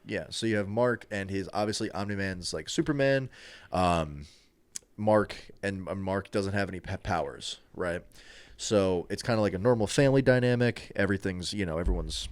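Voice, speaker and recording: A man's voice: low-pitched, normal speed, dry recording. A man co-hosting a casual podcast, talking in a loose, rambling way with lots of restarts and fillers. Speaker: podcast co-host.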